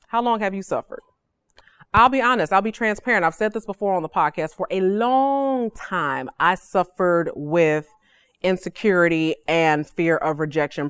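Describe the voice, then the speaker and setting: Lower-pitched woman teaching a casual devotional. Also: clean tone, dry recording. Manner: casual and emphatic, checks in with "okay?", slangy asides. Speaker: podcast host teaching a devotional.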